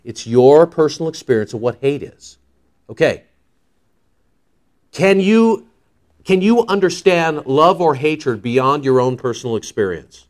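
A man's voice: a little high, expressive, measured pace, long pauses. A man preaching a sermon in an emphatic, conversational way, often checking in with his listeners with "okay?" and "see?".

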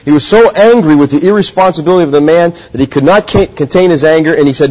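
A middle-aged man delivers a sermon in an earnest, teacherly manner. His voice sits slightly high, and he keeps checking in with his listeners through questions. The recording is muffled and lo-fi. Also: quick pace, hardly any pauses, a little mellow. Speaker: preacher. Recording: dull lo-fi sound.

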